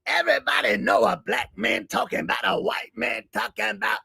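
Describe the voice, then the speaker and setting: A man doing an impression of a famous male comedian, ranting loudly and emphatically. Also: very high-pitched, sing-song, fairly quick, creaky, breathy edge, dry recording, studio quality, pitched above the performer's own voice, heavily acted. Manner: loud, emphatic, rhythmic ranting.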